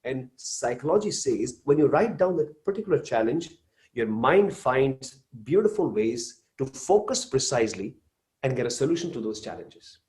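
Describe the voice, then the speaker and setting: A man's voice: mid-range voice, very animated, normal speed, darkish tone. A man, giving a live motivational talk and addressing the audience directly. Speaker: motivational speaker.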